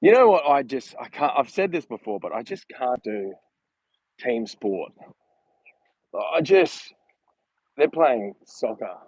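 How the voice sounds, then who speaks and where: A man's voice: mid-range voice, sing-song, takes it slowly, long pauses, darkish tone, husky, no echo, rough recording. A man talking casually in a rambling, chatty way while walking outdoors during a livestream vlog, filmed on a handheld phone. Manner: chatty, rambling, laughs while telling stories. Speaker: vlogger.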